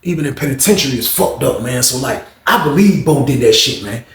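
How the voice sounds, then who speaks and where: Fast-talking male storyteller, echoey room. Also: medium pitch, lively intonation. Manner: slangy, profane, conversational. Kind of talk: storytelling monologue.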